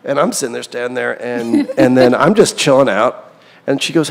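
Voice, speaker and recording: A middle-aged songwriter, guesting in a casual interview, speaks at a medium pitch with a brisk pace and some vocal fry, his voice carrying through a large hall. He talks candidly and rambles, often poking fun at himself.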